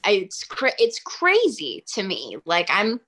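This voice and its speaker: A woman's voice: mid-range voice, slow pace. A woman in her twenties, a singer-songwriter, telling stories in a casual interview with lots of fillers. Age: 20s. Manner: chatty, heavy use of "like", animated.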